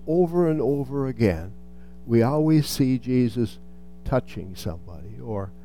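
A man's voice: mid-range voice, mellow. A man reading a Bible passage aloud and then commenting on it in a reflective teaching style, with restarts and touches of dry humor.

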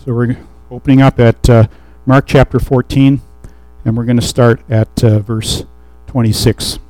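A man delivering a sermon in a mellow, relaxed voice, reading scripture aloud and then unpacking it in an easygoing, conversational way. The sound is dry and close, with no room around it. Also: mid-range voice, measured pace, no room sound, soft background music, low-quality recording. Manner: conversational Bible teaching with restarts and fillers. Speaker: preacher.

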